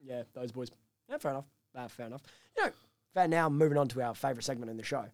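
A man's voice: mid-range voice, fast talker, dry recording. A young man co-hosting a casual sports podcast, teasing and laughing often. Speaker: podcast co-host. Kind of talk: casual chat.

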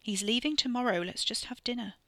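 A woman voicing a stern, no-nonsense mother with a brisk, scolding manner. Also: fairly high pitch, sharp tone, dry recording, pitched above the performer's own voice.

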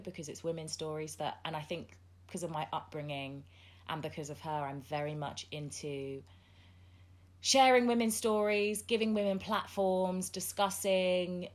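Low-voiced blunt woman podcast host. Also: steady tone, moderate pace. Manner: blunt and outspoken, swears freely. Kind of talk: casual conversation.

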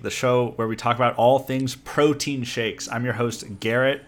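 A young man hosting a podcast, giving quick upbeat introductions and wry remarks in casual chat. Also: mid-range voice, fairly even intonation, faint music behind. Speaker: podcast host.

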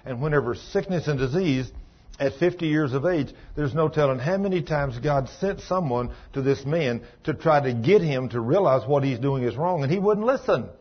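A man's voice: fairly high pitch, lively intonation, moderate pace, slightly rough, dull audio. A man preaching a sermon, swinging into rising, emphatic exhortation as he urges his listeners on.

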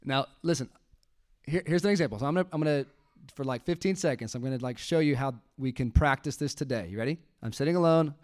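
A young adult man preaching a sermon to a congregation in a church, casual and playful, laughing often and dropping to a hushed voice when he shows how to pray. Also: mid-range voice, fast. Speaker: pastor. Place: church sanctuary before a congregation.

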